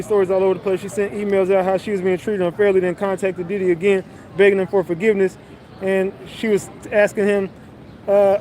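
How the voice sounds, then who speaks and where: High-voiced man ranting on a street. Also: a little mellow. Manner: blunt, profane, mocking retelling. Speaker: commentary vlogger. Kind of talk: casual recap commentary.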